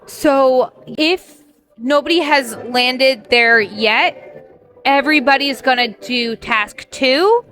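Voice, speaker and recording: A woman's voice: high-pitched, slow, sharp tone. A woman hosting a casual board game night, chatty and encouraging, rambling a bit as she reads cards. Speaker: host.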